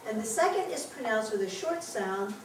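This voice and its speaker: Woman teacher with a fairly high voice, cheery, recorded from across a really echoey classroom with students around. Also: animated, normal speed, recorded from a distance, noisy background. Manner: upbeat, laughs often. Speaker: Hebrew teacher. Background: class of adult learners.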